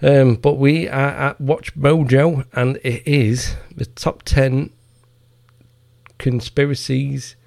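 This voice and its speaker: Gravelly-voiced profane ranter. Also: male voice, medium pitch, flat delivery, takes it slowly, darkish tone, no echo, clean studio sound. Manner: profane, heated, mocking. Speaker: podcast host. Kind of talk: ranting commentary.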